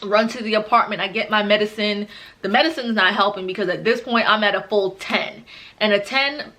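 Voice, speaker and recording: Bright-voiced dramatic young woman storyteller. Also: mid-range voice, fairly quick. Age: 20s. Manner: dramatic, animated, acts out quotes. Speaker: vlogger. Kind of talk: casual storytime.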